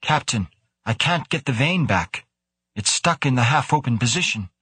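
A man with a husky voice voicing an anxious female crew member who speaks worriedly. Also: mid-range voice, expressive, normal speed, sharp tone, dry recording, pitched above the performer's own voice.

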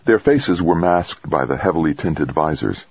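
A man narrating an audiobook in an even, measured storytelling manner. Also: very deep voice, husky, no echo, lo-fi sound. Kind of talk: scripted narration.

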